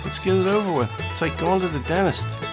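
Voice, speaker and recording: A man giving casual, joking play-by-play commentary as host of a gaming video, excitable and full of trash talk. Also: sits high, quick pace, over music.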